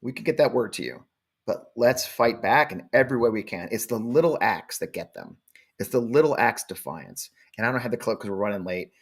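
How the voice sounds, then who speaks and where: A man's voice: mid-range voice, animated, brisk, husky. Blunt, swearing male show host. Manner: blunt, profane, defiant. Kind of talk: live show monologue.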